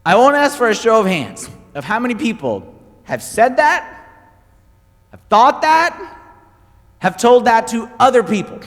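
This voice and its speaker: High-voiced male pastor in echoing hall. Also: moderate pace, long pauses. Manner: animated storytelling, emphatic repetition. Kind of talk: sermon.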